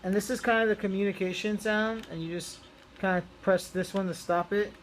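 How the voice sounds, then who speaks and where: A man's voice: high voice, fairly even intonation, fairly quick, slight background noise. A young man chatting casually through a toy review, rambling with lots of ums and restarts.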